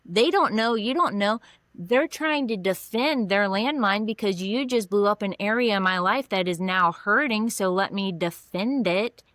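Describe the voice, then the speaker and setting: A woman's voice: medium pitch, unhurried, a bit bright, no echo. A woman counselor being interviewed on a podcast, explaining earnestly with examples from her own life. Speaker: mental health counselor.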